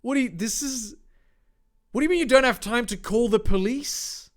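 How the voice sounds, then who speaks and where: A man reading a story aloud for comedy, breaking off for sarcastic, deadpan asides. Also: extremely high pitch, normal speed. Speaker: fanfiction reader.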